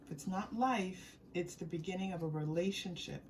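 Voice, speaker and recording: A woman's voice: fairly low pitch, normal speed, slight background noise. A woman giving a tarot reading to her viewers, chatty and giggly, repeating phrases as she thinks aloud. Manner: giggly and warm, often breaking into laughter. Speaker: tarot reader.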